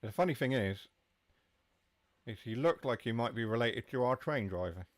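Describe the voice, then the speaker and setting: Live gameplay commentary comes from a game streamer running a train simulator, casually chatting and responding to viewers while driving. His medium-pitched voice has lively intonation at a normal speed, with no room sound.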